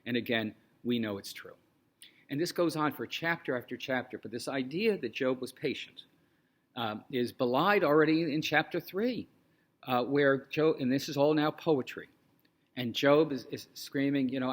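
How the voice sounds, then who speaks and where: A man's voice: medium pitch, normal speed. A man talking informally as a rabbi. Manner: conversational, animated retelling with many fillers. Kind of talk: informal teaching talk.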